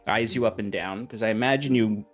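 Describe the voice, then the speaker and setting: A man serving as game master, describing scenes at an easy pace with casual fillers. His voice sits low, with faint music underneath. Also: fairly quick. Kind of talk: narrating a tabletop game.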